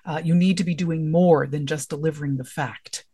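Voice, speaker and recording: A writing teacher delivers a casual spoken lesson. The talk is conversational and unscripted, moving from one example line to the next and posing questions along the way. The voice sits at a middle pitch. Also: fairly even intonation, moderate pace, mellow, husky. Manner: conversational, explains through example lines and questions.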